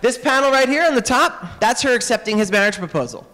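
A man, an author and illustrator, tells myths to children in an animated, joking way, full of quick asides. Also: extremely high pitch, in a large hall, noisy background. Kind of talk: lively storytelling talk to children. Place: public library event room.

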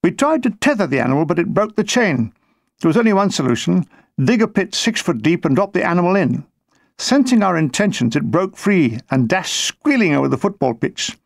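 A man's voice: high voice, big pitch swings, a little fast, creaky, no echo. A man reading his own wartime memoir aloud, with a dry comic storytelling manner. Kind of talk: audiobook narration.

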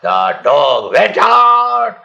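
An Indian-accented man tells a children's fable with a very lively, swooping voice and a slow, deliberate pace. He chuckles often and leans into dramatic pauses to hold young listeners. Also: sits high, creaky, highs cut off. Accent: Indian English. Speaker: storyteller, monk. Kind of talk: telling a children's story.

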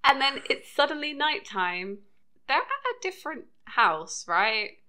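A British woman co-hosting a podcast, talking through a TV episode in a loose, casual way. Her voice has a bright, clear edge, and she laughs easily between points. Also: high-pitched, sing-song, measured pace. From United Kingdom. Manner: chatty, laughs often. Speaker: podcast co-host. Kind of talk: casual chat recapping a TV episode.

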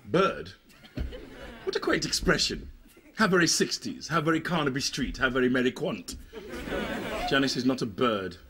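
A middle-aged man playing a proud, sharp-tongued head chef in a sitcom, dry and commanding. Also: mid-range voice, big pitch swings, normal speed, long pauses, low-quality recording. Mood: sardonic. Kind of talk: sitcom acting.

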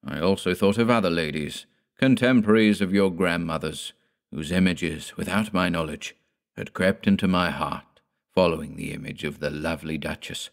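Deep-voiced male horror storyteller. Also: gravelly. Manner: measured, deliberate storytelling. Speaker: audiobook narrator. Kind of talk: scripted narration of a gothic horror tale.

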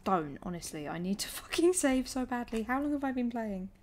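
A woman's voice: fairly high pitch, very animated, fairly quick, a little mellow, slight background noise. A British woman streaming a game live, chatting, swearing and laughing as she plays. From United Kingdom. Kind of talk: live gameplay commentary.

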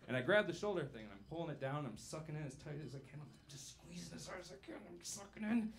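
Rambling, swearing young stand-up comedian. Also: male voice, fairly high pitch, expressive, quick pace. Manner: loose, rambling, swearing, laughing at own jokes. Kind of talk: stand-up set. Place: comedy club stage with a live audience. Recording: live club recording with audible background noise.

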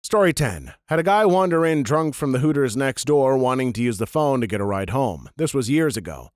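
Lively man reading stories dry. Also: medium pitch, brisk, no echo. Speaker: narrator reading internet stories. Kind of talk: scripted story narration.

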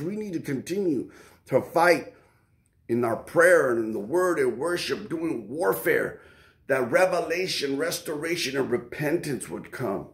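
A man's voice: a little high, vocal fry, roomy sound. A man preaching an informal sermon to prayer warriors, talking casually and emphatically and acting out quoted prayers.

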